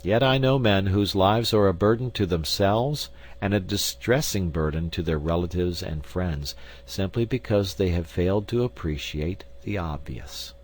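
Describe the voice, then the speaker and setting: A man with a fairly low voice narrates an essay for an audiobook. His reading is measured and formal, taking each clause in turn. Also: low-quality recording. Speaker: audiobook reader.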